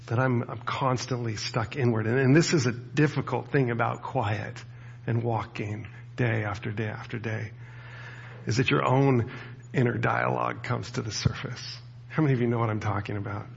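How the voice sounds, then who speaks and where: A man with a gravelly, husky voice preaches a sermon in a relaxed, talky way, often turning to his listeners with quick questions. The recording sounds dull and a bit lo-fi. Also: mid-range voice. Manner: conversational, with rhetorical asides to the audience. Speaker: pastor.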